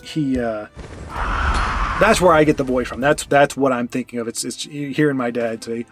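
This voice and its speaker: At a normal speed and medium pitch, a man talks through his card game as he streams it, with faint music in the background. The commentary is casual and chatty, full of thinking aloud, restarts and filler words.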